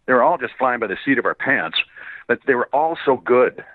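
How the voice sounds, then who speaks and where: A man's voice: medium pitch, expressive, fairly quick, no echo. A man from Canada, a voice actor guest, telling rambling anecdotes with frequent chuckles in a casual interview. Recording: tinny phone-like line, dry.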